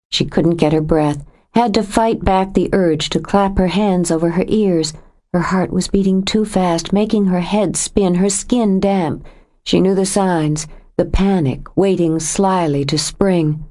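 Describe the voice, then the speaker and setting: Reading from a novel, this woman narrates an audiobook in a lowish voice. Her delivery stays steady and measured, following a script.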